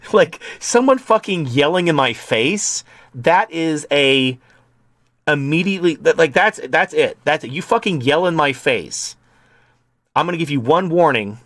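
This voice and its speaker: A man's voice: a little high, expressive, a little slow, a bit bright, no room sound, clean studio sound. A man hosting an online commentary show, ranting in a profane, heated way.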